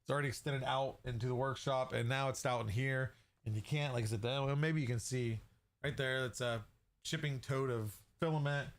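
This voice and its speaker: A chatty man hosts a casual livestream, reading out viewers' names and joking with them. He talks in an easy, rambling way and laughs often at his own asides. His voice sits at an ordinary middle pitch. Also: steady tone, moderate pace. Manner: chatty, laughs often, greets chat by name. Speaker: livestream host.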